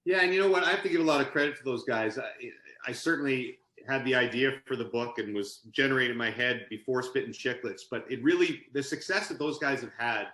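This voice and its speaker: Bright-voiced man telling lively stories in an echoey room. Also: medium pitch, a little fast. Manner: animated anecdote-telling, laughs mid-story. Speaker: podcast guest, author and sportscaster. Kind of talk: casual storytelling interview.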